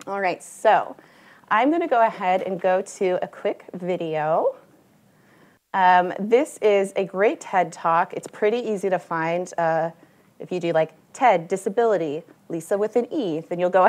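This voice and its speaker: A woman leads a live session for a room full of people, speaking in a lowish voice. She talks casually, with frequent fillers and restarts, and asks the listeners questions directly. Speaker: forum presenter. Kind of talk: live presentation to an audience.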